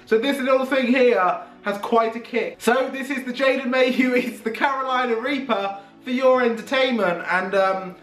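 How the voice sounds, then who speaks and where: A man's voice: extremely high pitch, moderate pace, few pauses, fairly bright tone, distant mic. A young man chatting casually and nervously to the camera. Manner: chatty, nervous, self-mocking. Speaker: YouTuber. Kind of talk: casual vlog challenge. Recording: echoey room, faint background music.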